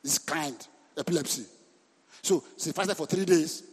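A man preaching a sermon as pastor, lively and breaking into sudden shouts. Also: on the high side, a little slow, breathy edge. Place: church hall. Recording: reverberant church hall.

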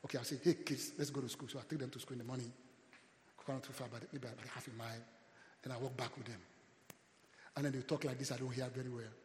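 Nigerian pastor preaching in an echoey hall. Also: male voice, medium pitch, steady tone, quick pace, long pauses, a little hiss or hum. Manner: preaching with call-and-response, loud swells. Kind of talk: sermon.

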